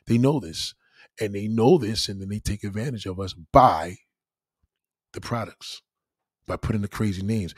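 A man's voice: on the low side, normal speed, no room sound, studio quality. A man delivering a profane, emphatic ranting monologue full of rhetorical questions, talking to a livestream audience.

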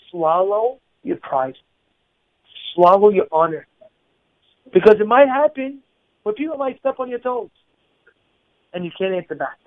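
Man, informal moral teacher, fairly high voice, repetitive, rhetorical questions, thin phone-like audio. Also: no echo. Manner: repetitive, rhetorical questions, acts out quoted people. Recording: tinny phone-like dry recording.

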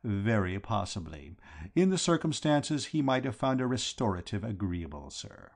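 A man voicing a grave, deferential middle-aged valet who answers formally and softly. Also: fairly low pitch, very animated, moderate pace, creaky, full character voice. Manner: formal, quiet, understated replies.

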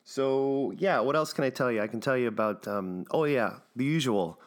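A man hosting a podcast, rambling through plugs and shout-outs with jokes and plenty of fillers. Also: mid-range voice, moderate pace. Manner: rambling, jokey, many fillers. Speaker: podcast host. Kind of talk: casual podcast intro.

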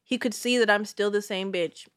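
A woman's voice: medium pitch, normal speed, clear, resonant tone, no echo, clean studio sound. A young woman in her twenties casually telling a long personal story and acting out the quotes. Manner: animated, acts out quotes. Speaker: guest.

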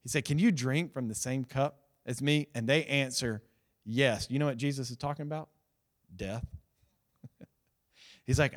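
A male pastor, preaching a sermon and telling the story in a lively, conversational way, acting out the voices of the people in it. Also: mid-range voice, moderate pace, pauses often. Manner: animated storytelling, acts out quoted voices; conversational, addresses the congregation directly.

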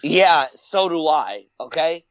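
A man's voice: a little high, takes it slowly, no echo, muffled recording. A drunk man from Kentucky, a podcast guest, joking loosely and swearing a lot in casual chat. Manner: loose, profane, animated, joking.

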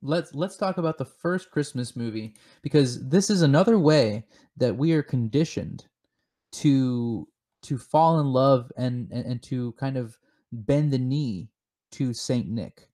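Deadpan man spinning mock conspiracy theories. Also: medium pitch, measured pace. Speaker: podcast co-host. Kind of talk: comedic casual chat.

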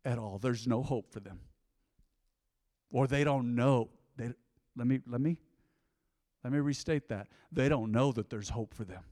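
Here a pastor with a slightly high voice addresses his congregation in church, keeping the sermon conversational and playful with asides. The audio is clean studio sound with no room ambience.

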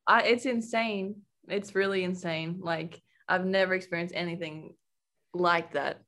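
A woman's voice: on the low side, fairly even intonation, unhurried, fairly bright tone. A young woman from Australia, an athlete telling a rambling, filler-filled story in a casual interview. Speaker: athlete guest.

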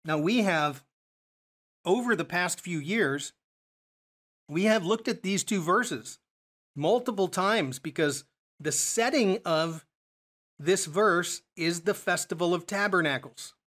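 A man's voice: high-pitched, slow pace, long pauses, a bit bright. Man teaching a Bible study. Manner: explanatory, asks rhetorical questions.

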